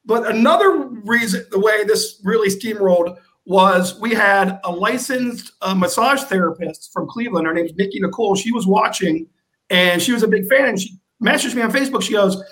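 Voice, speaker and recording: Man with a pretty high voice, guest on a live stream, chatty animated storyteller. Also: moderate pace, low-quality recording. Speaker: guest, organizer of a service-industry fundraiser. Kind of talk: casual storytelling in an interview.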